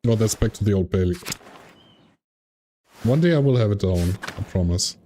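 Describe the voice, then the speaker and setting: A man's voice: fairly low pitch, lively intonation, moderate pace, warm tone, slight background noise. A man streaming a game, chatting casually and poking fun at his own failures. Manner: chatty, self-deprecating.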